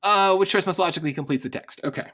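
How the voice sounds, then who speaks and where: A man tutoring for a test, reading passages quickly and then musing half to himself as he works through the answer choices. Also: high-pitched, sharp tone. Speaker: SAT tutor. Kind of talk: thinking aloud while solving test questions.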